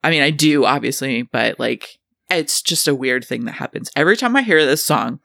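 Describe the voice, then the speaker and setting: Gravelly-voiced co-host talking music. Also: mid-range voice, normal speed, dry recording, studio quality. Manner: relaxed, swears casually, reads from notes. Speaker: podcast co-host. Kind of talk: casual music chat.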